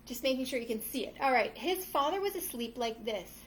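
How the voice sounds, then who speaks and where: A young woman reads a picture book aloud and guides children through yoga poses, calling them friends and cheering them on. Her voice sits high. She is heard from across an echoey room with faint background hum. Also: lively intonation, brisk. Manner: encouraging, addresses kids as friends, acts out the story's shouts. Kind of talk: reading a storybook aloud while leading kids' yoga. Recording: echoey room from some distance.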